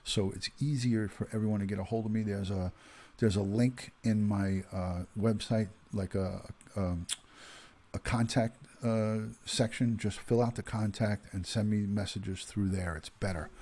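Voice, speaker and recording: A husky man in his fifties chats casually on a livestream. His voice sits low, and he greets viewers by name, his talk full of ums and uhs. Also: a little slow, darkish tone. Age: 50s. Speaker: retired police detective hosting a livestream.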